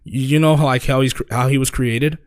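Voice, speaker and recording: A man's voice: medium pitch, steady tone, fairly quick, no room sound. A young man co-hosting a casual podcast, telling stories in a rambling way with many fillers and casual swearing. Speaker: podcast co-host. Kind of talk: casual chat.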